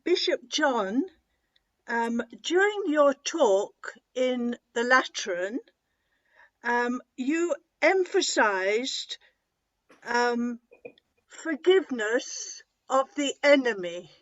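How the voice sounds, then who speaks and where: A woman's voice: high-pitched, big pitch swings, very slow. A woman, a religious sister, earnestly asking a question on a video call, hesitant with ums and repeated words. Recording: dull lo-fi video-call audio.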